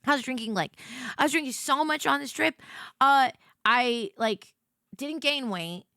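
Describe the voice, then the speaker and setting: Woman streamer, playful rambler who stumbles over her words, high voice, dry close sound. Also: pushed and bright, no room sound. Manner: rambling and playful, stammers and repeats herself, swears. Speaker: livestreamer. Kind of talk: casual stream chat.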